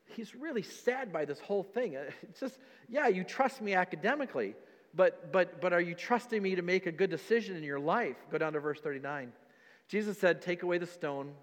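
A man's voice: high-pitched, expressive, a little fast. Preaching man in a reverberant hall. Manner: dynamic preaching, addresses the congregation as church. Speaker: pastor. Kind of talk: sermon.

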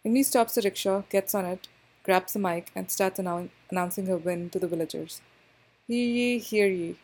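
A woman narrating an episode recap in a steady, scripted telling. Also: lowish voice, brisk, poor audio.

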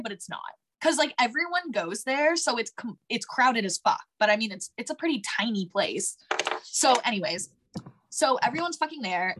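A young woman co-hosting a podcast, telling stories in a blunt, profane, animated way. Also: on the high side. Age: young adult. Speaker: podcast co-host. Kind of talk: casual chat.

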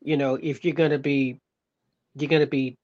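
A man co-hosting a podcast in casual chat, calm and advice-giving. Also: mid-range voice, moderate pace. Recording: muffled, dull mic sound.

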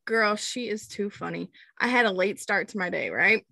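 Young woman podcast cohost, bright voice, dry close sound, lots of ums. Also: mid-range voice, normal speed, creaky, no room sound. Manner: chatty, many "um"s, animated storytelling. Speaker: podcast co-host. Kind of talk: casual chat.

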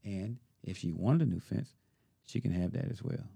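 Gravelly laid-back podcast co-host man. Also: lowish voice, moderate pace, warm tone. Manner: storytelling, acts out quoted dialogue, drawling. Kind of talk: casual chat.

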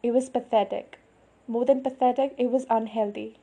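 Female audiobook narrator: measured first-person storytelling, dark breathy tone. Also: fairly high pitch, steady tone. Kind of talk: first-person novel reading.

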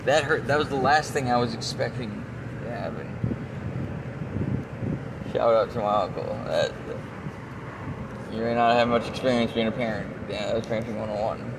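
A man's voice: medium pitch, normal speed, pauses often, distant mic, very noisy. A man telling a personal story casually, profane and rambling, often restarting his sentences.

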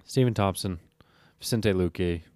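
A man's voice: low voice, moderate pace, a little mellow, no room sound, studio quality. A tired man casually recapping fight records on his own, rambling and correcting himself as he goes. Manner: rambling, self-correcting, often stops to recheck fight records. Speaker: MMA fight recap host. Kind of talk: casual solo commentary.

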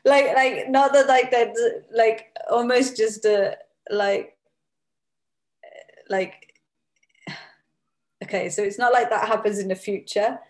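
A woman's voice: fairly high pitch, steady tone, slow pace, pauses often. A woman from Britain talking casually as the client in a guided session. She laughs often and fills her speech with "like". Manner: laughs often, many fillers of "like". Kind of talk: casual chat.

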